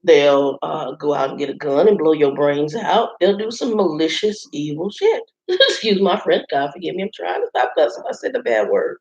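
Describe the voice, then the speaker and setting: A woman's voice: low-pitched, sing-song, normal speed, a little mellow. A woman vlogger in a hotel room, chatting to viewers in a rambling, casual storytelling way and calling them y'all. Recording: roomy, slightly dull sound.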